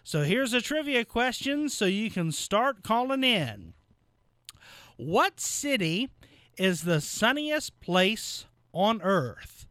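A man's voice: high voice, very animated, slow pace, fairly bright tone, no room sound. A man hosting a local radio call-in trivia show, friendly and chatty with callers.

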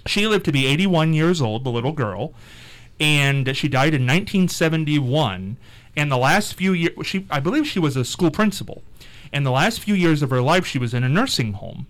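A man's voice: fairly high pitch, normal speed. A man hosting a casual radio chat, playful and teasing as he tells stories and quizzes his co-hosts. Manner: playful, teasing, lively storyteller. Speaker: radio host.

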